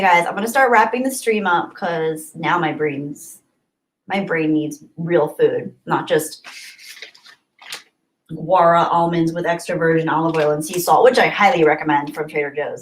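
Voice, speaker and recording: A woman streamer chatting casually with her viewers, reading their comments aloud, rambling and giggling often. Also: on the low side. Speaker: live streamer.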